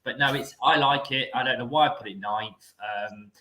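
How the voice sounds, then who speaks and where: Male panelist, bright forceful voice, rambling, echoey room. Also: mid-range voice, moderate pace. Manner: rambling, self-mocking, laughs often. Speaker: guest panelist. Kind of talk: casual podcast chat.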